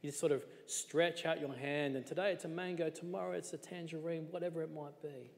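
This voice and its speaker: Preacher in an echoing hall. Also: male voice, on the high side, fairly even intonation, fairly quick, vocal fry, a little hiss or hum. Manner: conversational, asks rhetorical questions. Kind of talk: sermon.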